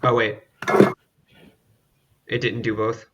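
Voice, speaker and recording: A man's voice: lowish voice, flat delivery, takes it slowly, a bit bright, lo-fi sound, a little hiss or hum. A man running a tabletop game as game master, hesitant with many fillers.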